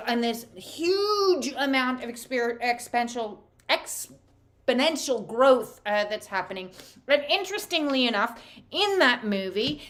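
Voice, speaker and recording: A woman with a fairly high voice reads oracle cards for her viewers. She talks casually, filling gaps with "uh". She slips into dramatic voices to act out what people say. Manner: animated, acts out quotes with dramatic voices; conversational with frequent filler uh. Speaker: oracle card reader. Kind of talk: spiritual card reading to camera.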